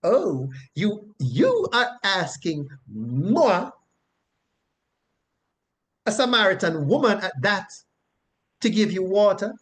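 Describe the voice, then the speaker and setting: Sassy mocking woman, a guy putting her on, pitched up high and stretching words. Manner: exaggerated, teasing emphasis.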